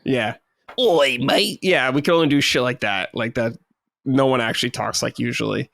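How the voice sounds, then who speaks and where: A man's voice: mid-range voice, brisk, gravelly, a bit bright, no echo, clean studio sound. A young man co-hosting a podcast, joking around loosely in casual chat and swearing now and then. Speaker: podcast co-host.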